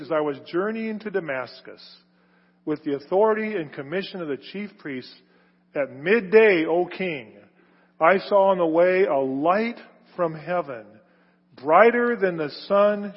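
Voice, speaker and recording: Husky-voiced preacher in a reverberant hall. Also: male voice. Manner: emphatic, builds to loud stressed phrases then drops low. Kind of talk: sermon. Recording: reverberant hall, dull lo-fi sound.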